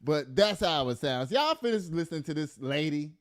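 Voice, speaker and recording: Emphatic high-voiced man ranting. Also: lively intonation, moderate pace, background noise. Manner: emphatic, blunt, profane, laughs at own jokes. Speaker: commentary host. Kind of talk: casual political commentary.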